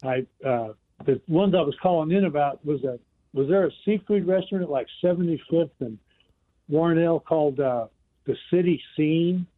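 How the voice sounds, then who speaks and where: A man's voice: on the high side, normal speed. An older man calling in to a radio show, rambling as he reminisces about the old days. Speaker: radio caller. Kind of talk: casual phone call-in chat. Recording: phone line.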